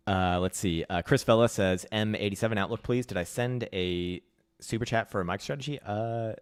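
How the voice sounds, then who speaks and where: A man's voice: fairly low pitch, fairly even intonation, normal speed, clear, resonant tone, no room sound, clean studio sound. Blunt, foul-mouthed male stream host. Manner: blunt, profane and mocking, laughs often. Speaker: crypto trading livestream host. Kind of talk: live-stream commentary reading viewer questions.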